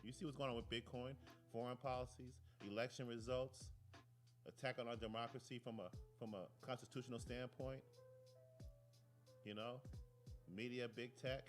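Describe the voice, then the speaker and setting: Profane, animated male talk show host. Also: mid-range voice, normal speed, soft background music. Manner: animated, profane, digressive storytelling. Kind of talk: casual rant and commentary. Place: studio.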